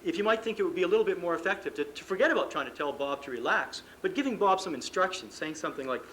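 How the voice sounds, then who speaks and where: Male sports psychologist, fairly high voice, conversational seminar talk, acts out dialogue, faint hiss on an old tape. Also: lively intonation, very fast, few pauses, a bit bright, rough recording. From Canada. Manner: conversational, acts out coach and athlete dialogue, self-deprecating humor. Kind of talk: live seminar lecture. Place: conference room before an audience.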